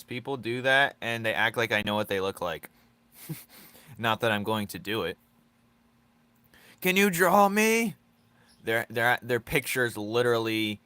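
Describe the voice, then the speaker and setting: A male streamer sketching live and bantering with his chat in a loose, teasing way. His voice sits a little low but sounds bright and forward. He talks at an unhurried, drawn-out pace and breaks into laughter often. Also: clear, resonant tone, no echo. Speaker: streamer drawing live and chatting with viewers.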